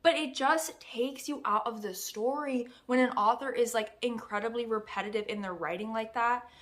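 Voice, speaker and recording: A young woman talks straight to her viewers in a casual book review, animated and openly exasperated, breaking into laughter. Her voice sits a little high and rings bright and forceful. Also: moderate pace.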